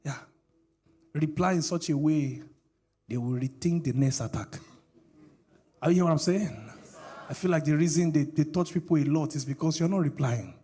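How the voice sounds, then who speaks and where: A man's voice: on the high side, mellow, husky. A middle-aged male pastor, preaching a sermon with call-and-response questions to the congregation.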